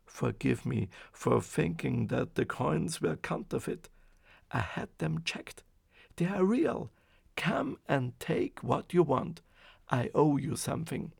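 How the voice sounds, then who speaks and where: Guy doing a loud grocer calling out, friendly, gravelly voice. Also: mid-range voice, no room sound, clean studio sound, heavily acted. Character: kindly male grocer, apologetic.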